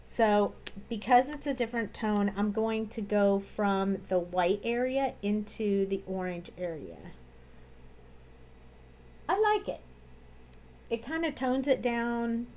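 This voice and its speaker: Slow, chatty woman teaching card coloring. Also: mid-range voice, a little hiss or hum. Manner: relaxed, chatty, talks through each step. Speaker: card-making instructor. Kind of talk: live-streamed coloring tutorial.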